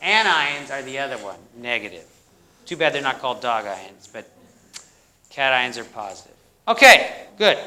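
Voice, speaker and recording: A man's voice: a little high, sharp tone. A male university lecturer teaching a classroom chemistry lecture, quizzing students and repeating their answers, with the odd corny joke. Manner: jokey, plays up corny jokes. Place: lecture hall.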